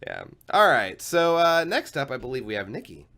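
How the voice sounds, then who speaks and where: A man hosting a casual chat about retro games, laid-back and quick to chuckle. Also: medium pitch, wildly swooping pitch, vocal fry, pushed and bright. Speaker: podcast host.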